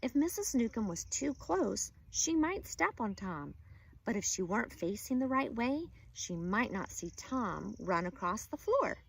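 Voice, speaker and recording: A woman teacher reading a children's chapter book aloud, expressive and engaging. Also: on the high side, measured pace, creaky, slightly rough. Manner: expressive storyteller.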